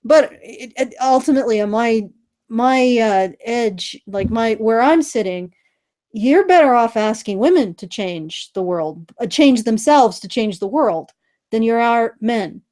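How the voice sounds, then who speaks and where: High-pitched lady cohost, blunt and sweary, sarcastic banter. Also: lively intonation, measured pace, darkish tone. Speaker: podcast co-host. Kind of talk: casual chat.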